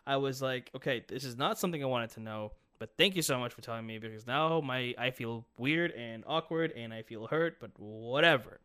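A man's voice: medium pitch, brisk, few pauses, clear, resonant tone. A young man hosting a podcast, telling a story in casual chat, swearing a lot and restarting often. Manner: animated storytelling, heavy swearing; many restarts and filler words. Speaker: podcast host.

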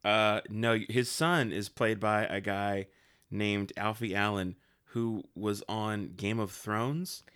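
A man co-hosting a casual movie-talk show, easygoing and quick to chip in with facts. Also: fairly low pitch, fairly even intonation, fairly bright tone, smooth. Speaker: podcast co-host.

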